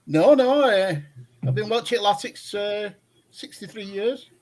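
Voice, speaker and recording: An older man calls in to a fan phone-in show, his voice sitting high and moving a little slowly. He tells long, rambling stories full of hesitations.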